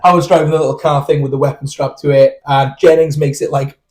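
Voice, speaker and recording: A man's voice: a little high, level tone, fast talker, darkish tone. A man co-hosting a film podcast, recapping scenes in casual chat full of fillers and blunt opinions.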